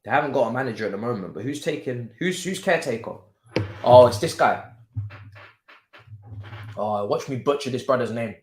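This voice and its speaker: A man's voice: mid-range voice, expressive, moderate pace, pauses often, a little mellow, slight background noise. A man hosting a live football watchalong, chatting casually and joking in heavy slang. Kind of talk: casual live-stream chat and match commentary. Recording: roomy echo.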